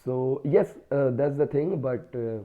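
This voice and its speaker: A man's voice: medium pitch, unhurried. A man with an Indian English accent who has a cold, talking casually and hesitantly to his phone, with many fillers. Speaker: vlogger practicing spoken English. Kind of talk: casual solo talk to camera. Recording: tinny phone-like sound.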